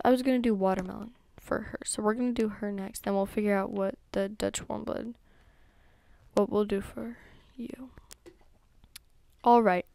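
This young woman's voice is medium-pitched with a darkish tone and no echo. She chats her way through gameplay as a YouTuber, addressing herself and her horses, saying "um" a lot and whispering asides.

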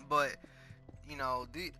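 A teenage boy telling crude stories in casual, rambling talk full of fillers and swearing, over faint music. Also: mid-range voice. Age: teens. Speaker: storyteller.

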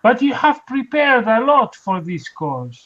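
A man's voice: extremely high pitch, very animated, measured pace, a bit bright, lo-fi sound. A man who often stops and repeats words, taking part as student and organizer in an online language lesson. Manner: hesitant, restarts and repeats words.

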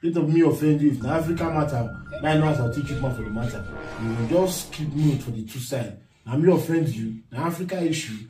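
A man's voice: medium pitch, quick pace, warm tone, reverberant, far from the mic, faint music behind. A Nigerian man in a casual home vlog, pleadingly asking his wife the same worried questions again and again. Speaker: husband in a prank video.

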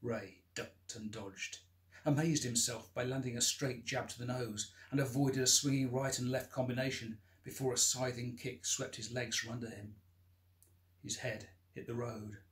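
A male author reads the opening of his novel with an unhurried, expressive delivery that leans into the drama. His voice sits at an everyday middle pitch. It has the feel of a careful storytelling reading. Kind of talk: audiobook-style scripted narration.

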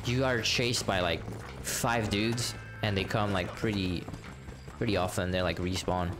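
A man's voice: lowish voice, fairly even intonation, unhurried. A man casually commenting while he plays a game live, chatty and profane, answering his viewers as he goes. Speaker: game streamer. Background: game music and horse hooves.

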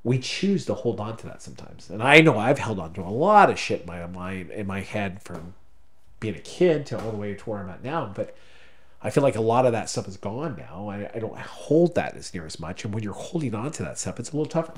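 A man's voice: fairly low pitch, sing-song. Choked-up man telling a story. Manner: emotional storytelling, choked up, halting restarts. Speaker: podcast co-host. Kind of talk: casual conversation.

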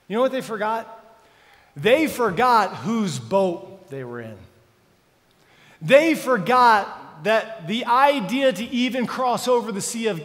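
A man preaching a sermon as pastor, dramatic and full of questions to the congregation. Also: high-pitched. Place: church sanctuary. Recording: church hall reverb.

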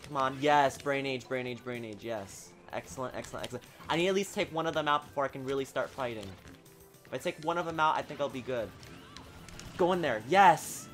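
A man giving excitable live commentary while playing a video game, talking at the screen and swinging from low mutters to sudden shouts. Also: brisk, soft background music. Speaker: gaming channel host.

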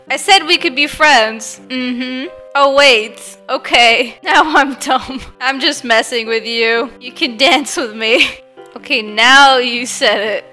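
A young woman, a gaming YouTuber, plays a game on camera and chats with other players, giggling often. Her voice sits high and sounds pushed and bright. Game music plays faintly in the background.

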